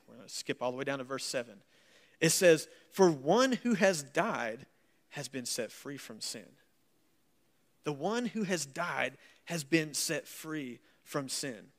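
Folksy, animated male pastor preaching. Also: on the high side. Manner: folksy, animated and joking, reading scripture aloud. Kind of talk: sermon. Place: church service.

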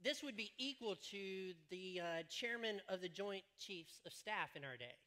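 A man's voice: high voice, lively intonation, normal speed, sharp tone. A man preaching a sermon from a church stage, telling stories in a joking, rambling way. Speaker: pastor.

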